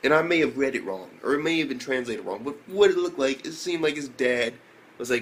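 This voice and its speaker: A young man reviewing an anime episode in a casual, excitable way, swearing a lot and breaking into loud exclamations. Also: medium pitch, brisk, a little hiss or hum. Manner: excitable, profane, full of fillers and loud exclamations.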